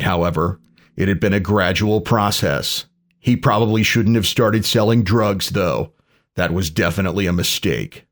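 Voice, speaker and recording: A man reading a parody pulp story aloud in a dry, deadpan narration. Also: lowish voice.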